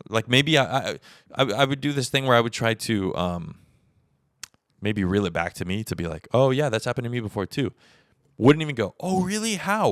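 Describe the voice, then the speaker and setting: A man in his thirties hosts a solo podcast, talking candidly and rambling, swearing casually and acting out the conversations he recounts. His voice is lowish with a fairly bright tone. The sound is clean studio quality with no echo, recorded on a podcast mic in a camera setup.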